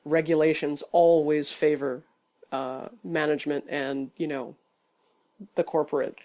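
A man's voice: a little high, fairly even intonation, measured pace, a little mellow. A man co-hosting a casual podcast, talking in a rambling way with many fillers and restarts. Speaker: podcast co-host.

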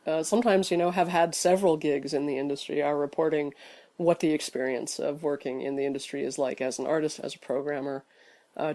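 A man's voice: a little high, warm tone. A man co-hosting a casual podcast, talking in a rambling way with many fillers and restarts. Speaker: podcast co-host.

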